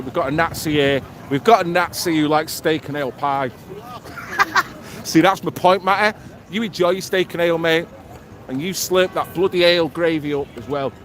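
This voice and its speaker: A man's voice: on the high side, rough recording. A man from Manchester with a Mancunian accent, live-streaming outdoors on a city square, chatting bluntly and jokily with plenty of swearing. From Manchester, England. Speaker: livestream host. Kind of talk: casual street livestream chat. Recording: loud street noise behind.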